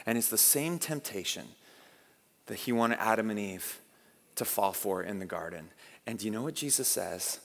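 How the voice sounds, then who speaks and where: A man preaching a sermon in a church sanctuary, animated and conversational, with rhetorical questions. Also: mid-range voice, brisk, in a large hall. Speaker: pastor.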